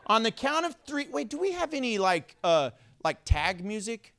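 Bright high-voiced pastor preaching. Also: male voice, moderate pace. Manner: playful, self-mocking, energetic. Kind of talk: sermon. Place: church.

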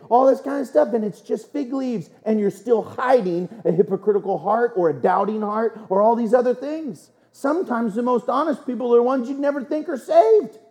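Lively, joking pastor, higher voice. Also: male voice. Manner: animated, joking, asks rhetorical questions. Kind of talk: sermon. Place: church.

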